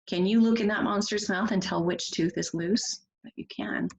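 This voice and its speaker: A woman's voice: medium pitch, normal speed, creaky, slight background noise, low-quality recording. A woman teacher guiding first graders through a picture book, asking them questions in an encouraging way. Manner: encouraging, asks children questions, expressive. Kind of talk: read-aloud reading lesson for children.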